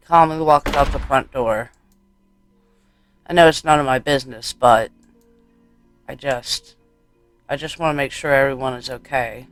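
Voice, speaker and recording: A man's voice: medium pitch, unhurried, pauses often, fairly bright tone, soft background music. A man reading a horror game aloud for a let's play, wry and casual, on a close mic.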